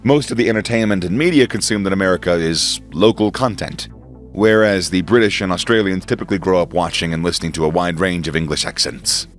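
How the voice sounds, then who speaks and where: Low-voiced male narrator for an explainer, chatty and easygoing, soft music bed. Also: fairly quick. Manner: conversational, with small asides and chuckles. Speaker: narrator of an educational video.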